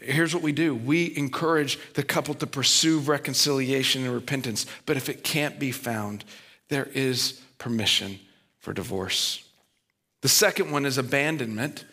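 Earnest man preaching with a bright voice. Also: medium pitch, normal speed, slightly rough. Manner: conversational, earnest, plainspoken. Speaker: pastor. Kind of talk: sermon.

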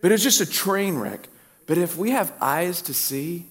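A man preaching a sermon as pastor, telling a story and swinging between animated and hushed delivery. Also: high voice, unhurried.

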